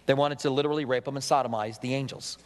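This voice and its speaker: A man's voice: medium pitch, steady tone, fast. A middle-aged male pastor giving a conversational sermon, with chatty asides and acted-out dialogue. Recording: long hall reverb.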